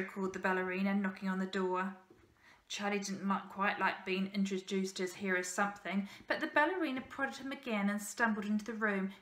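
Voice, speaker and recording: A woman teacher reading a children's novel aloud in steady storybook narration, with small slips. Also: mid-range voice. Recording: roomy echo.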